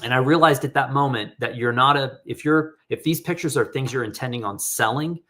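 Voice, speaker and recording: A man's voice: medium pitch, fairly quick, bright, forceful tone. A middle-aged man talking casually and candidly on a live stream, reading out audience questions and giving feedback on photos. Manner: candid, rambling, reads audience questions aloud. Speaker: photographer hosting live critique.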